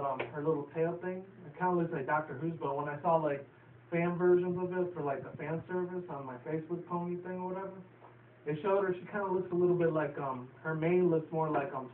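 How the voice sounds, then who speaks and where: A man from New York City rambles through an episode recap, swearing freely and leaning on fillers. His voice sits a bit high for a man. The recording is tinny and roomy, picked up from a distance with a faint hiss. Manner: profane, filler-heavy, chatty. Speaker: show reviewer.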